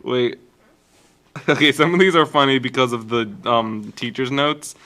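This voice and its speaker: A man's voice: medium pitch, normal speed, crowd noise. A young man co-hosting a podcast, giggling often as he reads old school work aloud in a casual chat. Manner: giggly, reads with frequent laughter. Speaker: podcast co-host.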